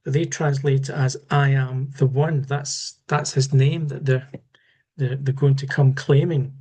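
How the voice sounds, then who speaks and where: Man, Bible teacher, slow deliberate delivery, frequent restarts, unscripted study talk. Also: mid-range voice, steady tone, a little mellow, breathy edge. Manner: measured, halting, with repeated restarts.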